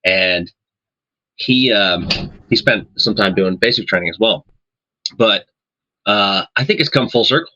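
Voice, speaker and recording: A man joins the podcast chat with sarcastic, swearing remarks. His voice is lowish but bright. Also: unhurried, pauses often, lo-fi sound. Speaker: podcast guest. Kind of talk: casual chat.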